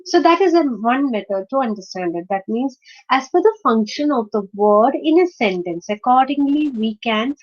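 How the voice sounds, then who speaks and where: A woman with a fairly high voice gives an online lecture, working through her points slowly with frequent pauses and restarts. The sound is dull and lo-fi, as if captured on a computer microphone. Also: expressive. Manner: hesitant, many fillers and restarts. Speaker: teacher. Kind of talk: screen-shared online lecture. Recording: dull lo-fi recording.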